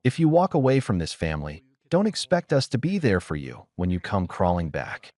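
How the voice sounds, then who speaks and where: A man's voice: sits low, huge pitch swings, brisk, darkish tone, no echo. A man voicing a stern, domineering middle-aged father who scolds sharply through gritted teeth.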